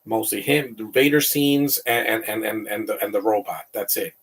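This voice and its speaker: A man's voice: lowish voice, fairly even intonation, normal speed, husky, recorded from a distance. A man giving casual live film commentary, rambling and opinionated, often tripping over repeated words. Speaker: movie commentator.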